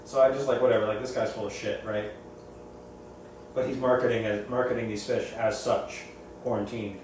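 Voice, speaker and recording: A man's voice: fairly low pitch, fairly even intonation, normal speed, a little mellow. A man, a reef aquarium hobbyist, tells a story casually and gives his opinion, often repeating and restarting phrases. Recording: very echoey room, far from mic, faint noise.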